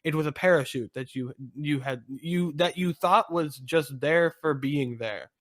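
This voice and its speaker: A man's voice: a little high, unhurried, fairly bright tone, dry recording, clean studio sound. A man co-hosting a podcast, narrating a fan fiction aloud in an amused, playful way. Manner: amused, breaks into laughter between lines.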